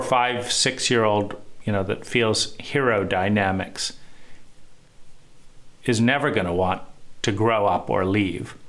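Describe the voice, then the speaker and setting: Slow, earnest man talking things through. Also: medium pitch, fairly bright tone. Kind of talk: personal reflective monologue.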